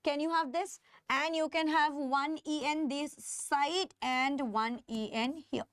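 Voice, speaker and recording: A woman's voice: sits high, steady tone, no echo, studio quality. A woman with an Indian English accent teaching chemistry in a live online class, stretching key terms and checking in with her students again and again. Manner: drawn-out stressed terms, constant check-ins with students.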